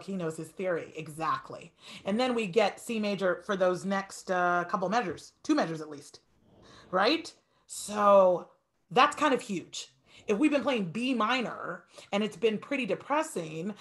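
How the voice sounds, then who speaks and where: Woman, piano teacher, fast and animated delivery, very expressive pitch, encouraging masterclass tone.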